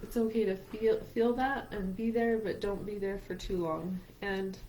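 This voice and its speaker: A woman's voice: medium pitch, fairly even intonation, moderate pace, warm tone, slight background noise, rough recording. A woman co-hosting a heartfelt conversation about grief. She speaks earnestly and emotionally from a faith-based outlook, and her voice is tearful at times. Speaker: podcast co-host.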